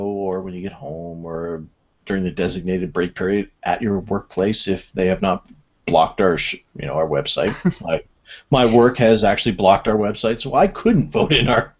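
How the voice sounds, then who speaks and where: A man hosts a casual online racing-sim radio show, chatting in a rambling, self-deprecating way. His pitch swings widely and animatedly. The audio is dull and lo-fi. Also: animated, moderate pace. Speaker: host.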